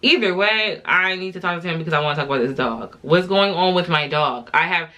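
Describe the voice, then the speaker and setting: Woman, 20s, tipsy storytime vlogger, slangy and exasperated, lowish voice. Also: fairly quick, sharp tone. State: tipsy from drinking. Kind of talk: casual storytime while doing makeup.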